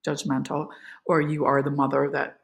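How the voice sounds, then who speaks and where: An actress as a podcast guest, telling emotional behind-the-scenes stories in a lively, filler-filled way. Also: female voice, low voice, moderate pace, gravelly. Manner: animated, emotional, many fillers. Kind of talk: casual interview storytelling.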